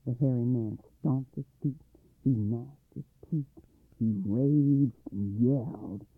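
A man's voice: medium pitch, slow, slightly rough, no echo. A man narrating a folk tale for a radio storytelling program, reading expressively and dramatically. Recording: dry, tinny phone-like sound.

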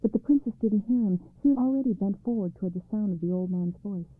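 A woman narrating a storybook in a calm, measured read-aloud way, on a tinny recording. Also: medium pitch, breathy edge. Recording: dry, tinny phone-like sound.

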